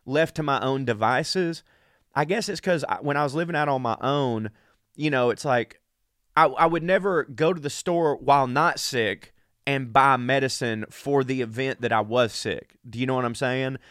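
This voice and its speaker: A sick man from the American South talks in a crude, rambling, self-deprecating comic monologue, a little out of breath. His voice sits at an ordinary pitch for a man. The sound is dry and close, with no room echo. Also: a bit bright. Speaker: podcast host. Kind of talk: casual comedic monologue.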